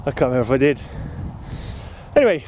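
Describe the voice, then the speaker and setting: A man's voice: mid-range voice, big pitch swings, fast talker, a little mellow. Man, out of breath, walking outdoors, rambling and sweary, chuckling, faint traffic behind. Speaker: podcast host. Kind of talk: casual walking vlog monologue. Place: outdoors in an urban park.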